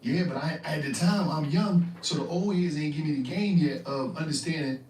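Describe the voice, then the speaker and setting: A man with a slightly high voice tells stories in a loose, animated way, slipping into the voices of the people he describes. He is heard from a bit away from the mic in a room that echoes, with faint background noise. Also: normal speed, distant mic. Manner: frequent profanity and slang. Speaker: interview guest. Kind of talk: casual storytelling.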